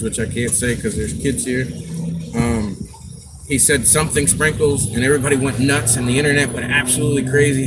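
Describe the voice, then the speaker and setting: Chatty man rambling on a noisy stream. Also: medium pitch. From Scotland. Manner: rambling, chatty storytelling with quoted asides. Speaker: livestream host. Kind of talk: casual chat.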